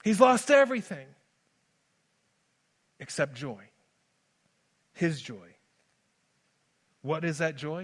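A man preaching a sermon as pastor, moving from hushed lines to loud, urgent ones. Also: a little high, lively intonation, a little slow, long pauses. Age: adult father. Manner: dynamic preaching, swings from soft to loud.

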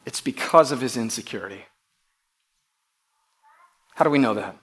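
A man preaching a sermon to his church, emphatic, often repeating words and dropping from loud to hushed. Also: mid-range voice, expressive, normal speed. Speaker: pastor.

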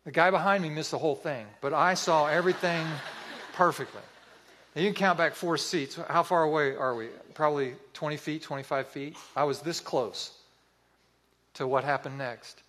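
A man preaching a sermon, telling a story in an earnest, vivid way with pauses. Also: fairly high pitch, fairly bright tone, slight background noise.

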